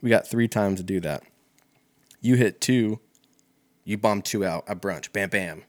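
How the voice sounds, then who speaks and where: A man's voice: lowish voice, a little slow. A young man talking in a rambling, profane, laid-back comedic monologue full of fillers.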